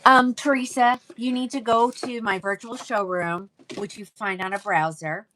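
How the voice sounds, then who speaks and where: A woman's voice: on the high side, fairly even intonation, moderate pace, a bit bright, a little hiss or hum. A woman hosting a live wig sale, chatting casually and greeting viewers by name. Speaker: live-selling wig seller. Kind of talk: casual livestream sales chat.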